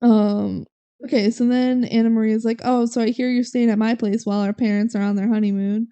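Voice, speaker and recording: Young woman co-host, casual recap chat; slightly high, warm and smooth. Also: level tone, fairly quick. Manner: retells scenes with quoted character lines, frequent "like" and "um". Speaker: podcast co-host.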